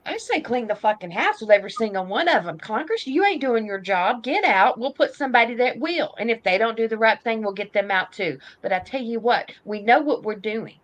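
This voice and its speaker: A woman's voice: a little high, lively intonation, fairly quick, few pauses. Heated woman in her fifties, ranting. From United States. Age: 50s. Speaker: podcast host. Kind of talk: political opinion talk.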